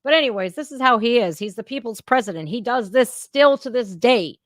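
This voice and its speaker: A woman's voice: fairly high pitch, expressive, a little fast, no room sound, clean studio sound. A woman hosting a reaction channel, giving blunt, profane, casual commentary straight to her viewers.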